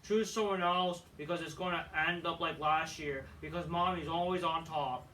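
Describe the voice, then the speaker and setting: A man's voice: fairly high pitch, steady tone, moderate pace, pushed and bright, far from the mic, slight background noise, low-quality recording. A man voicing a female wrestling champion cutting a boastful, taunting promo, recorded away from the mic.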